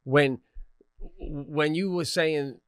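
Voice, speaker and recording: A man co-hosting a podcast in casual chat, telling animated stories with shouted acted-out bits. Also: a little high, extremely slow, slight background noise. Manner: laughs often mid-story. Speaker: podcast co-host.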